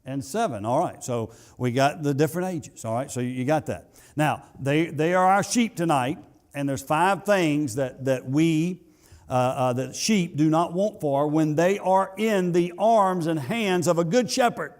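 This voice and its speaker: Man, pastor preaching, fairly high voice, emphatic peaks and quiet asides, church sanctuary. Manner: preaching with rising emphasis, then dropping to soft asides; halting repetitions. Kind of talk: sermon.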